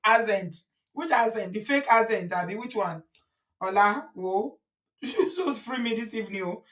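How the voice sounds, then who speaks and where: A woman's voice: mid-range voice, animated, normal speed, fairly bright tone. A woman with a Nigerian accent, hosting a casual live stream, reading viewer comments aloud and slipping into pidgin and Yoruba. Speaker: host.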